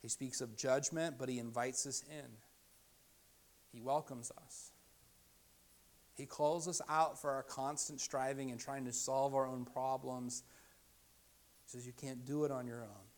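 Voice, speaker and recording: Man preaching, soft to loud swings. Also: medium pitch, steady tone, unhurried, pauses often. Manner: dynamic, drops to hushed softness for quoted invitations and rises loud when emphatic. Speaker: pastor. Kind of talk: sermon.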